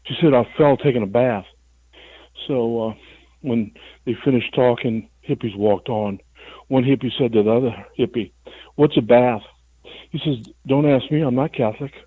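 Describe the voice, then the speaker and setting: Halting male caller over a phone line. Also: mid-range voice, slightly rough. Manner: halting, many fillers. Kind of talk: telling a joke on call-in radio.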